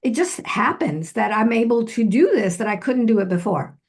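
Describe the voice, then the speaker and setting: A woman's voice: fairly high pitch, lively intonation, normal speed, slightly rough. A middle-aged woman hosting a casual chat, speaking earnestly and reflectively, often restarting her sentences. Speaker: host. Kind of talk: casual conversation.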